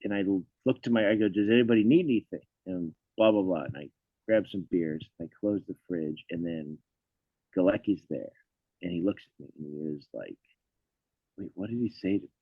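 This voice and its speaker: Comedian guy on a podcast, lively storytelling, cussing, laughing, dry close sound. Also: low voice, moderate pace, husky, no room sound, narrow, tinny audio. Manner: animated storyteller, swears, laughs often. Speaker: comedian guest. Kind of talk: casual podcast chat.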